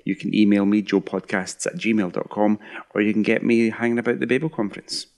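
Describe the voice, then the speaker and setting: Give me a man with a fairly low voice, wry and playful as a podcast host. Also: fairly even intonation, fairly quick, darkish tone. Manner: wry, mock-grumpy humor. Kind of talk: casual podcast chat and sign-off.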